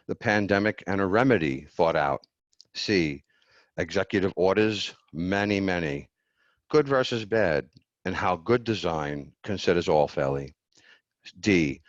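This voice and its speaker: A man with a very low voice delivers a homemade campaign speech. He is formal but halting, with frequent ums and pauses. The recording is dry and dull, with a lo-fi sound. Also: no room sound. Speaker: self-declared presidential candidate.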